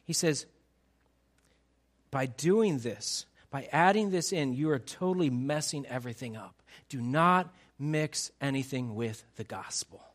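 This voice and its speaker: A man preaching a sermon to his congregation, animated and emphatic, teasing the crowd and acting out quotes. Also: medium pitch, a little slow. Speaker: pastor.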